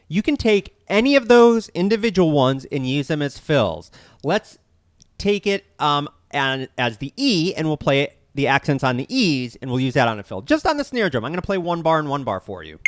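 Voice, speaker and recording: A man's voice: a little high, sing-song, moderate pace, dry recording, studio quality. A man teaching a drum lesson, counting beats aloud and explaining each step plainly. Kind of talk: instructional lesson.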